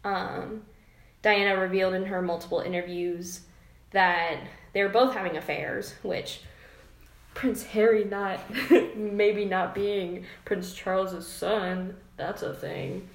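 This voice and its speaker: A woman's voice: mid-range voice, fairly even intonation, takes it slowly, gravelly. Giggly gossiping woman in an echoey room. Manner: laughs often, playful gossiping. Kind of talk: casual chat. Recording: roomy echo.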